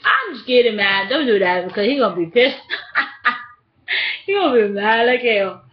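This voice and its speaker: Giggly high-voiced woman on webcam. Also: big pitch swings, moderate pace. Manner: giggly, playful, breaks into sing-song. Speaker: vlogger. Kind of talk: casual webcam vlog. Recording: dull lo-fi webcam audio.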